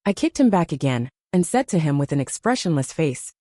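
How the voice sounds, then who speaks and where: A woman narrating a first-person audiobook story in a steady storytelling manner. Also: deep voice, a little fast, no room sound, studio quality.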